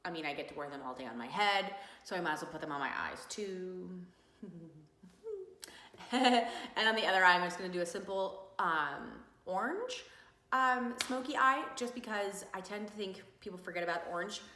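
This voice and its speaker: A woman chatting her way through a casual makeup tutorial, self-mocking and full of fillers, recorded at home under bright lights. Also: fairly low pitch, normal speed. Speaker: beauty vlogger. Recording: echoey room.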